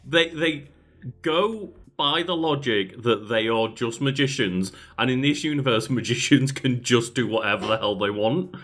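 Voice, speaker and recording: A man's voice: medium pitch, moderate pace, a bit bright. A man hosting a podcast, chatting casually in an amused way and often breaking into laughter. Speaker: podcast host. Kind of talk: casual chat.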